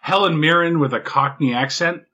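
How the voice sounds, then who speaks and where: Bright-voiced man on dull lo-fi audio. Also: fairly high pitch, moderate pace. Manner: wry, hesitant with ums. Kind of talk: casual movie chat.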